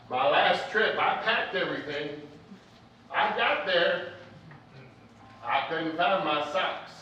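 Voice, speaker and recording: Man preacher, high bright voice, folksy joking sermon, booming echo, heard from afar. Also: slight background noise. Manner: conversational, joking, storytelling. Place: church hall. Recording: echoey, distant, dull church recording.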